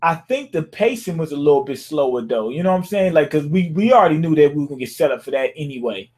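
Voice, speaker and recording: Young guy with a high voice rambling about a manga chapter, super casual, keeps going "you know what i'm saying". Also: animated, fast, darkish tone. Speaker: manga reviewer.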